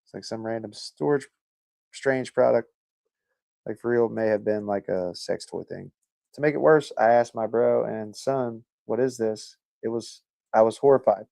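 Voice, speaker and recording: A man's voice: fairly low pitch, moderate pace, vocal fry, warm tone, no echo. A man hosting a livestream, chatting casually and reading viewer comments, rambling, joking and swearing a lot. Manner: laid-back and rambling. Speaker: livestream host.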